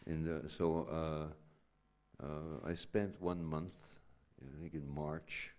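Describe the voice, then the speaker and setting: An older man, a poet, reading his work live on a theatre stage in an incantatory chant that builds to loud cries, then talking plainly to the audience. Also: rumbling low, fairly even intonation, slow pace.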